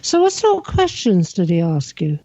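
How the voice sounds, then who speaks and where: A woman's voice: fairly low pitch, huge pitch swings, normal speed, mellow, dry recording, muffled recording. A woman co-hosting a radio interview, giving brief responses and asking questions. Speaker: radio show co-host.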